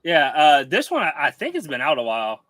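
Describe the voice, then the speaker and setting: A man's voice: fairly high pitch, wildly swooping pitch, brisk, a bit bright, dry recording, poor audio. A man co-hosting a casual podcast chat, talking in a hesitant, stumbling way. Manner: hesitant, stumbling, full of fillers. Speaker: podcast co-host.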